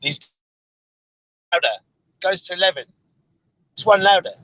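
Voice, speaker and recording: A man's voice: high voice, normal speed, bright, forceful tone, no echo, highs cut off. A male host on a live stream in a moving car, reading viewer comments aloud in an easygoing way. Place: inside a moving car on a road trip.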